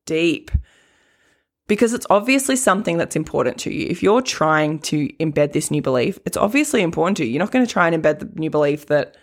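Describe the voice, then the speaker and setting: A woman coach chats her way through a casual podcast monologue, laughing easily and peppering her talk with "like". Her voice sits a touch low for a woman. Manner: chatty, laughs often, many "like" fillers.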